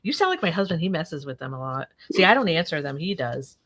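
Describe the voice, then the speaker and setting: A woman's voice: sits low, very animated, fast talker, fairly bright tone. A woman hosting a casual live chat, talking freely and laughing often as she tells stories. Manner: chatty, laughs often, acts out her husband's lines. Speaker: host.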